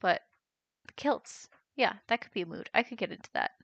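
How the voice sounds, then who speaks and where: A young woman from the United States, a streamer chatting casually, reading out chat and reacting with quick laughs. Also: mid-range voice, animated, gravelly, fairly bright tone, no echo, lo-fi sound. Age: young adult.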